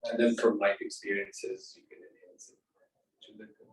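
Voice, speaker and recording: Low-voiced audience guy asking stuff, kinda unsure, far away in an echoey room. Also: level tone, moderate pace. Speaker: audience member asking questions.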